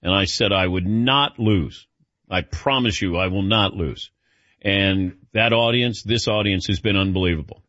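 A man's voice: deep voice, a little slow, a bit bright, dry recording. A middle-aged man hosting a sports radio show, chatting casually with a wry, self-deprecating manner. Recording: dull lo-fi broadcast audio.

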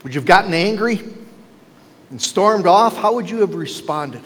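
A man's voice: high-pitched, animated, moderate pace, a bit bright. A male pastor preaching a sermon, driving his points home with rhetorical questions to the congregation. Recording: long reverb with faint ambience.

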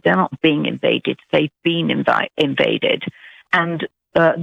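A woman with a British accent calls in, her voice deeply gravelly and creaky. She talks earnestly, stopping and restarting as she goes. The sound is tinny and narrow, like a telephone line. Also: dry recording. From Britain. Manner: earnest, halting, with many restarts. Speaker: caller. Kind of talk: call-in radio conversation.

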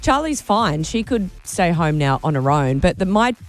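A woman in her thirties with an Australian accent, co-hosting a chatty show, laughing often and telling lively stories. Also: fairly low pitch, normal speed. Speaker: radio co-host. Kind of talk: casual chat.

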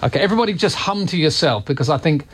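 A man's voice: on the high side, lively intonation, racing, slightly rough, no room sound. A man with a Welsh accent hosting a radio show in a chatty, self-mocking way from the studio. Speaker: radio host. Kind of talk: casual radio chat.

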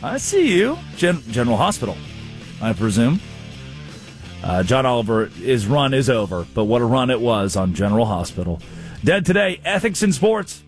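Animated man telling funny stories. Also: medium pitch, moderate pace, soft background music. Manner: animated storytelling, voices quotes. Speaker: show host. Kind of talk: casual comedic sports chat.

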